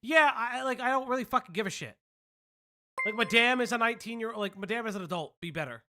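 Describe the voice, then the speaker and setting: A man's voice: very high-pitched, fast talker, background noise. A man hosting a live commentary stream, talking bluntly and offhandedly with plenty of swearing. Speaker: streamer host.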